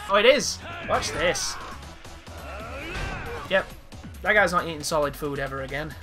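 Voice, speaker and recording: Excitable high-voiced male game commentator. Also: unhurried, long pauses. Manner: excitable, crude jokes, sudden exclamations. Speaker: gameplay commentator. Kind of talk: let's play commentary. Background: game music.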